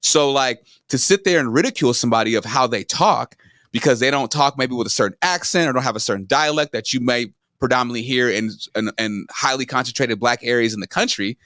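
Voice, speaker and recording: A man from Seattle explains points animatedly, leaning on "like" as he goes. His voice is mid-pitched and the sound is dry, with no room around it. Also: a little fast, bright, forceful tone, dry recording. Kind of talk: casual discussion.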